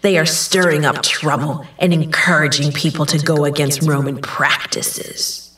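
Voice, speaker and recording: A woman's voice: low-pitched, fairly even intonation, unhurried, a bit bright, slight background noise, pitched below the performer's own voice. A woman voicing angry slave owners accusing two men before a judge, in a children's story. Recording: roomy and distant.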